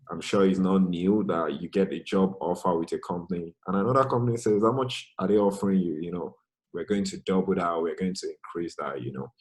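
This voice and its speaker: Deep-voiced man from Nigeria presenting. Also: poor audio. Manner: relaxed, conversational, frequent "you know". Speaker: guest speaker, finance project manager. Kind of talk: presentation over video call.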